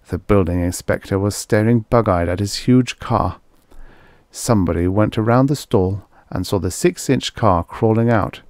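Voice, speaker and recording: A man's voice: lowish voice, darkish tone, no echo, clean studio sound. A man narrating a vintage story aloud in a wry first-person telling. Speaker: audiobook narrator. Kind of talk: scripted narration.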